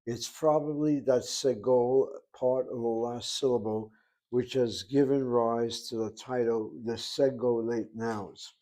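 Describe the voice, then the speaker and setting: A man's voice: mid-range voice, fairly even intonation, slow pace, mellow. A man giving a classroom lecture on Hebrew grammar, methodically spelling out vowels and letters at the board. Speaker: Hebrew teacher.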